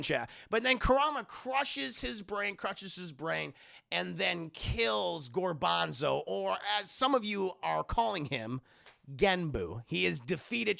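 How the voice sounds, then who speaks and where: High, gravelly man recapping to chat. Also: expressive, slow, sharp tone. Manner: rambling, swears often, addresses chat. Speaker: show reviewer. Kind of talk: casual profane recap to a live chat.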